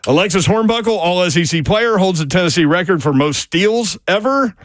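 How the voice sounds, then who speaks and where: Man, sports radio host, casual chatty delivery, slightly high voice, dry studio mic. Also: expressive, brisk, no echo. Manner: chatty, reads listener messages.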